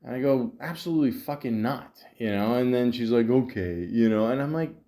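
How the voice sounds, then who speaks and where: A man's voice: mid-range voice, brisk, dark tone. A man hosting a podcast, telling a frustrating dating story in a rambling, casual way, full of fillers and quoted back-and-forth. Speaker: podcast host. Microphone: podcast microphone.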